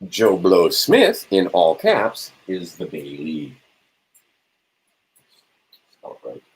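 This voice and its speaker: Husky low-voiced man lecturing informally. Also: huge pitch swings, low-quality recording. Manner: rhetorical, keeps checking in with "right?"; answers his own questions, halting with fillers. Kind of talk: informal lecture to a small audience.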